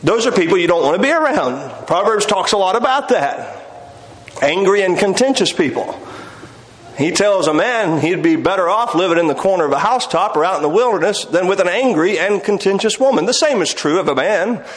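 A man preaching a sermon, emphatic and drawn out, with soft chuckles between points. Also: high voice, expressive, fairly quick, roomy sound, poor audio.

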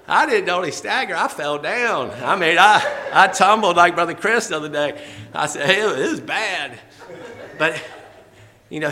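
A man's voice: mid-range voice, bright, forceful tone, in a large hall. A man preaching a sermon in a church, fervent, repeating key phrases and chuckling between them.

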